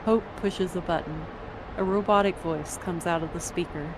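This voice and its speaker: A woman narrating a story in the second person, measured and descriptive. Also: lowish voice, background noise.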